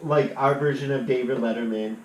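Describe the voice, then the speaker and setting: A man's voice: mid-range voice, fairly even intonation, fairly quick, reverberant, slight background noise, rough recording. A man hosting a podcast in casual chat, rambling with many restarts and frequent laughs. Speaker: podcast host.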